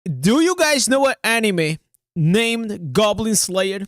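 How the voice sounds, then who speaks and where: A man's voice: high voice, expressive, slow pace, a bit bright, no room sound, clean studio sound. A man streaming games live and reacting to a trailer, hyped and rambling, with lots of slang and filler words. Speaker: game streamer.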